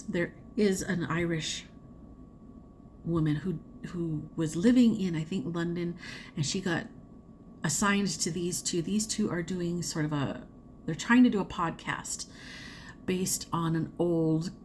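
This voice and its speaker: A chatty woman talks through her crafting month in a loose, rambling way, full of fillers. Her voice sits a little low for a woman. A faint hiss of noise runs under the recording. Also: measured pace, darkish tone. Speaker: crafting vlogger. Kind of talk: casual chat.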